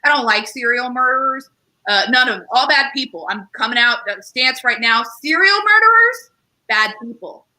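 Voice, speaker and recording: A woman's voice: high-pitched, expressive, normal speed, bright, forceful tone, rough recording. A young woman doing a stand-up comedy set, rambling and self-deprecating, with lots of fillers and acted-out voices. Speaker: stand-up comedian and show host.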